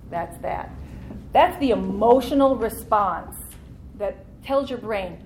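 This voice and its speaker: A woman's voice: mid-range voice, animated, slow pace, darkish tone, a little hiss or hum. A woman teaching a church Bible study class in an earnest, conversational way, leaning into key points.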